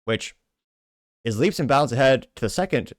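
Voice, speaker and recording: A man's voice: medium pitch, expressive, moderate pace, no echo, clean studio sound. A man hosting a commentary podcast, reading social media replies aloud with sardonic asides and frequent self-corrections. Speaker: show host.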